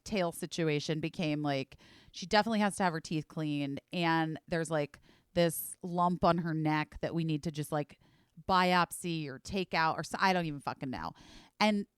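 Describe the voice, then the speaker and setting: A woman in her forties, hosting a podcast, tells a wandering, lively story peppered with "like" and a few swear words. She has a clear, resonant mid-range voice, captured in studio quality with no room sound.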